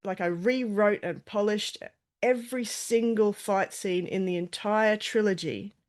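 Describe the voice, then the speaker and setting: A woman's voice: medium pitch, unhurried, darkish tone. A woman guest author talking casually in an interview, explaining things in a chatty way with frequent restarts and self-corrections.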